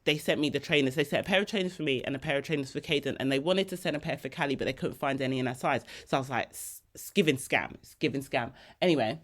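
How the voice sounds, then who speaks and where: A woman's voice: very deep voice, rapid-fire, hardly any pauses. A woman hosting a podcast, telling personal stories in a candid, slangy, emotionally open way. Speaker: podcast host.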